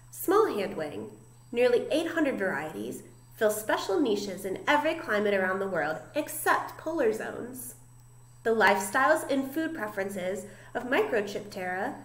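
Woman reading a picture book out loud, really expressive, lots of ups and downs, echoey room. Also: a little high. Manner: expressive, voices each animal. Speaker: storybook reader.

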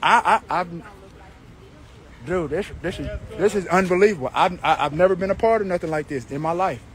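A man's voice: sits high, a little fast, fairly bright tone. A man filming a street confrontation on his phone outdoors, talking indignantly and in disbelief, repeating himself. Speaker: person filming a street dispute. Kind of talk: heated street confrontation and vlog commentary. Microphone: handheld phone camera.

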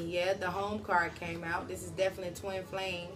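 A woman's voice: lowish voice, flat delivery, moderate pace. Slangy, blunt woman tarot reader. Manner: slangy, profane, talks straight to the viewers. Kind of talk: casual tarot reading to viewers.

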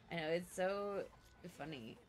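A woman's voice: lowish voice, fairly bright tone. A woman co-streaming, giggling and coaching the player through a fight. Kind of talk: casual gameplay chat.

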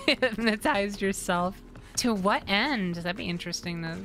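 A woman streamer giving live commentary on a horror game, swearing, laughing and yelling when she gets startled. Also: mid-range voice, measured pace. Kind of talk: live let's-play commentary.

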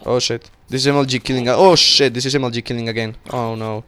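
A young man giving casual, excitable commentary while playing a game, swearing and talking to himself. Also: mid-range voice, fast, clear, resonant tone. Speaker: gaming channel host.

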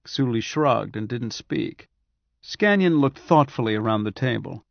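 A man reads a novel aloud in a steady, even way with a middle-pitched voice. The sound is dry and close, with the top end a little dulled. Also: normal speed, creaky, dry recording. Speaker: audiobook narrator. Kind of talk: scripted narration. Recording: dry, slightly dull audiobook recording.

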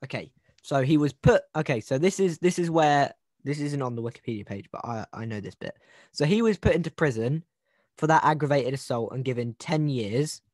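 A man's voice: medium pitch, expressive, fairly quick, a little mellow, no room sound, clean studio sound. A man hosting a casual podcast over a video call, retelling a true-crime case in a joking, rambling way with many restarts. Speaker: podcast host.

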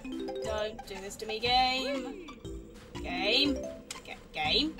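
A woman giving casual commentary on a video game she plays, rambling and excitable, often exclaiming and repeating herself. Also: a little high, extremely slow, long pauses, music in the background. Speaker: let's play gamer.

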